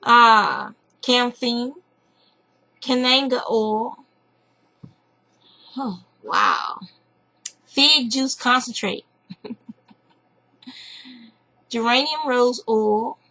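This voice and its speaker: Gravelly Southern woman chatting casually. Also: fairly high pitch, very slow, pauses often, pushed and bright, poor audio. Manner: rambling, chatty, reads lists aloud with asides. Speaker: craft podcast host. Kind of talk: casual chat. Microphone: computer webcam mic.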